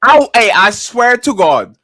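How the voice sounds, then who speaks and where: High, bright-voiced animated man. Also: moderate pace, no room sound, clean studio sound. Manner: animated, emphatic, breaks into mocking impressions. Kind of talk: casual opinion talk. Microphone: streaming microphone.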